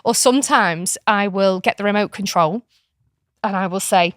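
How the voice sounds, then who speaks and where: A woman's voice: medium pitch, normal speed, no room sound, clean studio sound. A middle-aged British woman talking frankly and chattily as a podcast guest, explaining a parenting approach. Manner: frank, chatty explainer who slips into playful voices. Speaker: podcast guest, author and kinship carer. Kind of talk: casual podcast conversation.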